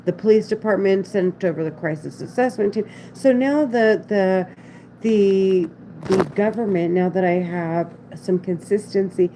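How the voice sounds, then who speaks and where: A woman's voice: on the low side, dark tone, a little hiss or hum, low-quality recording. A woman talking in a casual monologue to the camera, rambling anxiously and repeating herself with frequent restarts. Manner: rambling, repetitive, restarts often; anxious, insistent. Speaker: vlogger.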